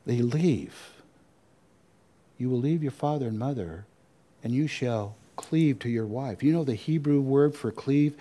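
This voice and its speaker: A male pastor delivers a sermon in a warm, mellow voice. He moves between emphatic scripture reading and wry, conversational asides, repeating his key lines for weight. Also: mid-range voice. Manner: animated preaching with asides and repetition.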